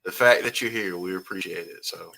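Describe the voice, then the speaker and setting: Forceful-voiced man hosting a live chat. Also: sits low, brisk, creaky, poor audio. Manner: reads viewer comments aloud, easygoing, chuckles often. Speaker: host. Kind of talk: casual live-stream chat.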